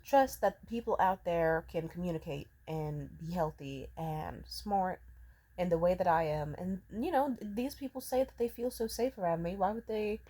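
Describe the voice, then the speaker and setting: A woman's voice: on the low side, normal speed, dark tone. A woman in her twenties venting in a rambling, profanity-heavy personal rant. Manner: profane, rambling, emotionally charged. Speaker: vlogger. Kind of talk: ranting personal vent.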